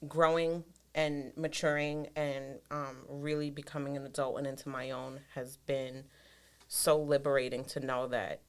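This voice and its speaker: A woman hosting a podcast in a relaxed chat. She asks probing questions and reflects things back with encouragement. Her voice is quite low for a woman. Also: unhurried, clear, resonant tone. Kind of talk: casual chat.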